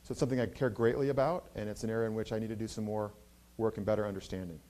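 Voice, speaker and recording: Halting, earnest man answering questions. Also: on the low side, steady tone, warm tone. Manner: earnest, halting with many fillers. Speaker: university president. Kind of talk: Q&A answers at a campus address. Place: university event hall.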